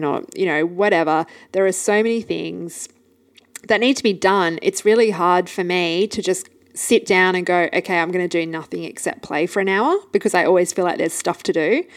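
Australian woman in her 30s, solo podcast chat, kinda low voice, animated storyteller. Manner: animated, chatty, acts out quotes. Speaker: podcast host.

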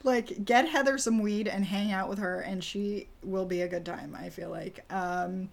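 A woman's voice: mid-range voice, steady tone, moderate pace, vocal fry. Woman host leading a casual chat. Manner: leads the discussion, asks the others questions. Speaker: podcast host.

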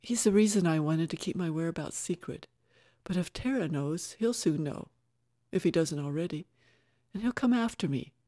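A woman's voice: on the low side, expressive, moderate pace, dark tone, dry recording, clean studio sound, lightly acted. A woman narrator voicing a wary young woman recovering from an accident, speaking earnestly and anxiously.

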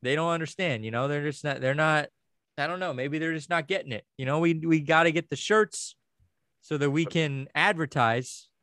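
Crude, wisecracking man with a fairly high voice. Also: moderate pace, a bit bright, dry recording. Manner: crude, joking rants with frequent swearing. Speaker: podcast co-host. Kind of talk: casual podcast banter.

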